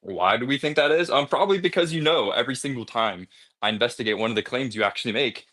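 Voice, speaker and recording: A man's voice: mid-range voice, fast, a bit bright. A man arguing in a heated online debate, aggressive, mocking and full of profanity.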